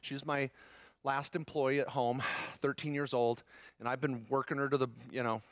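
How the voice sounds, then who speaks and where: Middle-aged male seminar presenter, energetic and joking with the room, dry close-miked sound. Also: medium pitch, moderate pace, no echo. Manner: upbeat, jokey, addresses audience as guys. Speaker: seminar speaker on tax strategy. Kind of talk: live seminar talk to a room.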